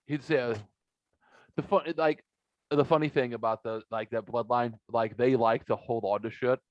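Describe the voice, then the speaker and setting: Male podcast co-host, mid-pitch, animated storyteller who acts out quotes; dry, muffled recording. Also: moderate pace, no room sound. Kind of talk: casual podcast chat.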